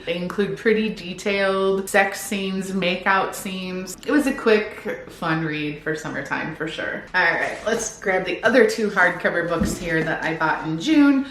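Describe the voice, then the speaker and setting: A woman's voice: on the low side, a bit bright. A woman chatting upbeat and casually about her new books from home, sometimes reading back-cover blurbs aloud. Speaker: book vlogger. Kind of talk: casual book haul chat. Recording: echoey room, faint background noise.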